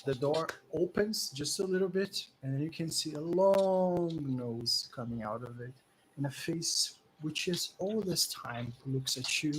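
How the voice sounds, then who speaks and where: A man running a tabletop role-playing game, narrating scenes slowly and deliberately. His voice sits a little high for a man, and he leans on "like" as he paints each picture. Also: slight background noise, poor audio. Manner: slow, deliberate narration with many "like"s. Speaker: game master.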